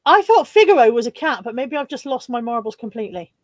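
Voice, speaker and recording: A woman's voice: a little high, very animated, quick pace, dry recording. A woman hosting a live haul stream, chatty and jokey, reading out viewer comments and laughing often. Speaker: livestream host. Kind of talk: casual live haul chat.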